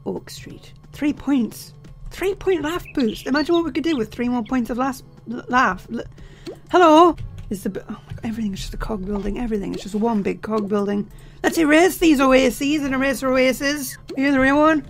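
A young man with a sore, tired voice, chatting jokily as he plays a game and sometimes shouting. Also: very high-pitched, brisk, faint music behind. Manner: chatty, jokey, bursts into shouting. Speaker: let's play host. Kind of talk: casual gameplay commentary.

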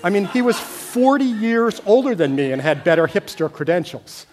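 A middle-aged American man telling a personal story on stage, wry and deadpan, growing animated at times. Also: high-pitched, moderate pace, slight background noise. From United States. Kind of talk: storytelling talk.

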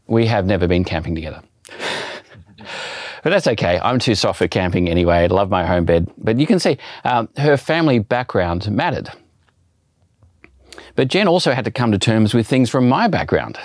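A man's voice: lowish voice, dry recording, studio quality. A man preaching a sermon in a chatty, self-deprecating storytelling way. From Australia.

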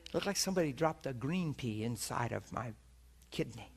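A male preacher telling a story in a sermon, excited and emphatic, acting out the voices of other people and often laughing as he speaks. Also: medium pitch, brisk, vocal fry.

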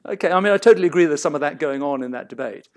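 A middle-aged man lecturing at an academic seminar in a fairly high voice. He talks in a discursive, hedging way, often cutting himself off and rephrasing before landing his point. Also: lively intonation, racing. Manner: discursive, self-interrupting, hedged.

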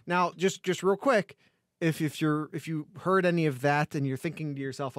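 A man with a fairly high voice co-hosts a casual sports podcast and drifts through an ad read with jokes and restarts. The sound is dry and close, with no room around it. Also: moderate pace, no echo. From Ohio. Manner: jokey, rambling ad read with restarts. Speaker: podcast co-host.

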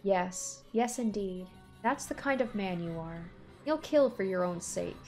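A woman voicing a cold, unseen woman who taunts the beast in a cool, measured, scornful way. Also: mid-range voice, expressive, a little mellow, soft background music. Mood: taunting.

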